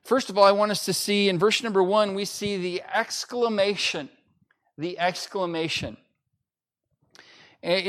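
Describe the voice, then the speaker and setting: A pastor preaching an emphatic sermon to a livestream audience, repeating key phrases with frequent fillers. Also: male voice, high-pitched, steady tone, measured pace, pauses often, fairly bright tone. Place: church during livestream-only service.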